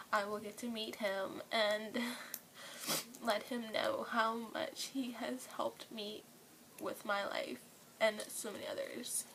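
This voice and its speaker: Young woman, soft and whispery, a gravelly edge, earnest and gushing, home vlog with faint room noise. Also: fairly high pitch, poor audio. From New Orleans, USA. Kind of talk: emotional personal vlog.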